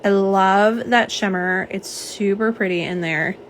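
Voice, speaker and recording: A woman's voice: mid-range voice, measured pace, slight background noise. A young woman hosting a casual live stream, chatting and reading viewer comments aloud. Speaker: livestream host. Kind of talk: live unboxing and swatch stream.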